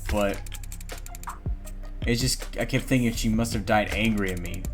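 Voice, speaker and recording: A man voicing a grieving man haunted by guilt, who speaks haltingly and emotionally, read from a story game. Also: fairly low pitch, over music, close to an everyday voice.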